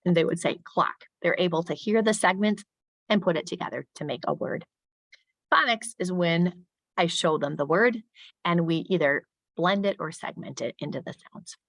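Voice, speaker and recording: Woman teacher trainer, low voice, dry close sound, crisp modeled speech sounds, middle-aged. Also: no room sound. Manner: models speech sounds slowly and crisply, rising when addressing pupils. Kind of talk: professional development talk for teachers.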